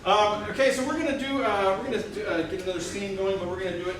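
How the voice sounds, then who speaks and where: A man hosting and performing in a live improv comedy show, talking haltingly with many fillers and restarts. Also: high voice, fairly even intonation, fairly bright tone, slight background noise. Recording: echoey room mic from far off.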